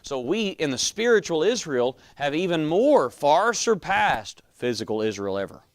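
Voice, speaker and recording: A man's voice: on the high side, big pitch swings, moderate pace, dry recording. A man teaching a Bible class in a conversational way, often quizzing his students.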